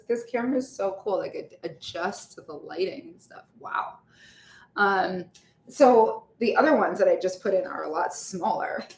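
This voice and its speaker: A woman's voice: medium pitch, a little hiss or hum. Chatty woman baking in an echoey kitchen. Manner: chatty, laughs often, trails off with fillers. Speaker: vlogger baking on a livestream. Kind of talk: casual chat while baking. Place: home kitchen. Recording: echoey kitchen with faint ambience.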